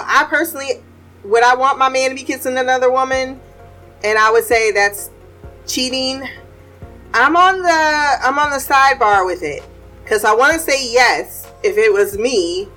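A woman's voice: on the high side, expressive, a little slow, a bit bright, faint music behind. A woman hosting a casual TV recap, blunt and profane, laughing often as she reviews an episode. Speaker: TV recap podcast host.

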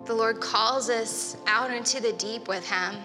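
A woman's voice: a little high, measured pace, over music. A woman preaching a sermon in an earnest, conversational way, with casual fillers. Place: church hall. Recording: long reverb of a church hall.

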